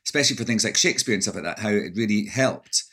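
A man's voice: on the low side, fast talker, bright, forceful tone. Hesitant middle-aged Scottish man. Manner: hesitant, many restarts, reflective storytelling. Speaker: actor, interview guest. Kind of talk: casual conversational interview.

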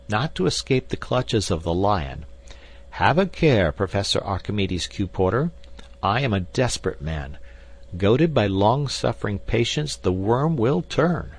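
Man doing a fussy old scholar, high strained offended voice, all worked up. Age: older. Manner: raised, strained and indignant. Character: indignant elderly male scholar, prim and fussy.

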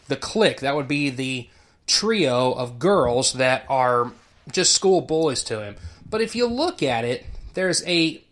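A man's voice: medium pitch, fairly bright tone. A man, an educator, giving casual commentary in an explanatory, teacher-like way, chuckling now and then.

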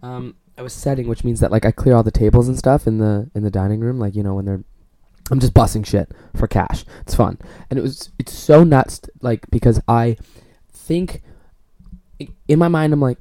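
A man's voice: mid-range voice, moderate pace, mellow, dry recording. A young man from Canada hosting a solo podcast from his bedroom, telling rambling, profane, self-mocking stories. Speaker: podcast host. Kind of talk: casual solo podcast monologue.

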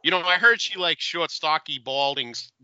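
A man's voice: on the high side, normal speed, pushed and bright, lo-fi sound, a little hiss or hum. A man co-hosting a casual movie commentary, joking, laughing and quoting lines. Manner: jokey, laughs a lot, quotes lines. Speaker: podcast co-host.

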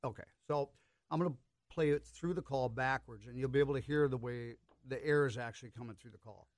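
A man speaking as a guest, quickly walking through how a call works as he demonstrates it. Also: medium pitch, no echo. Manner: quick, hands-on explainer. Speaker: duck-call expert guest. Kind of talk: casual explanation.

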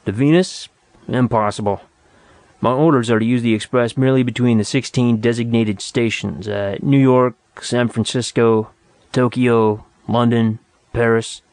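A man playing a lazy young clerk who handles customers with a casual, offhand drawl and a sly streak. It is a mid-pitched voice in a dry, close recording. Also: steady tone, normal speed, darkish tone, dry recording, lightly acted.

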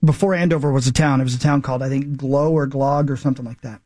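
A man's voice: medium pitch, fairly even intonation, quick pace, dark tone, dry recording, clean studio sound. A man in his forties, a morning radio host, telling a rambling, emphatic story with self-mocking asides. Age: 40s. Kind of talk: casual morning radio chat.

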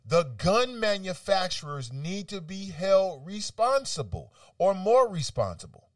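A man hosting an opinionated talk radio segment, reading out quotes and rebutting them with animated, argumentative commentary. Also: high-pitched, measured pace, dry recording, clean studio sound, far from the mic.

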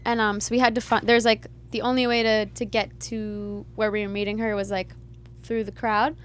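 A woman musician, a guest in an interview, talking in a relaxed, candid way with many fillers. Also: mid-range voice, moderate pace, slight background noise. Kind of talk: casual interview chat.

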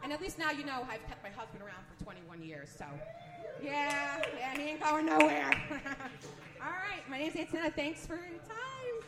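A woman's voice: sits high, expressive, normal speed, a loud crowd. Chatty, nervous woman doing stand-up. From Northeast US. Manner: chatty, nervous, self-deprecating. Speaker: stand-up comedian. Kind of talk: stand-up comedy set. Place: comedy venue with a live audience. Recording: echoey live room.

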